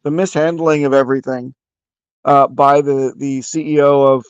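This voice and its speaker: A man's voice: mid-range voice, little pitch movement, moderate pace, clear, resonant tone, no room sound, dull audio. A man hosting a casual voice-chat discussion, explaining his views at length with frequent restarts.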